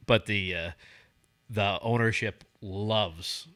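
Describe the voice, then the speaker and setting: A man's voice: lowish voice, fairly even intonation, slow, a bit bright. A man co-hosting a casual sports chat, laid-back, laughing often and asking questions. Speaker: co-host.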